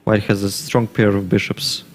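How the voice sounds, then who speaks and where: A man commentating live on a chess game, thinking aloud through variations in a measured way. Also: on the low side, little pitch movement, creaky, soft background music.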